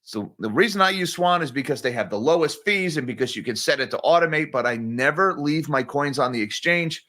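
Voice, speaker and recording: A man hosts a morning finance livestream with a slightly higher voice. He talks casually and directly, addressing his viewers as guys as he runs through the news. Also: lively intonation, brisk, few pauses, pushed and bright. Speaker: market news livestream host. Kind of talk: casual market commentary.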